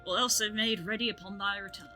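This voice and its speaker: A woman's voice: mid-range voice, brisk, sharp tone, faint music behind, close to an everyday voice. A woman voicing a verbose male scholar who talks in old-fashioned Shakespearean phrasing, reading game lines aloud. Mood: solemn.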